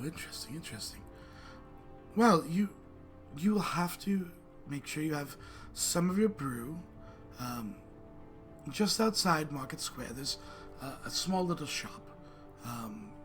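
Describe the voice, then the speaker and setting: A man playing a gracious young noblewoman in a tabletop game, courteous and a little hesitant, her voice soft and slightly high for a man. Music plays behind her. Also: lively intonation, a little slow.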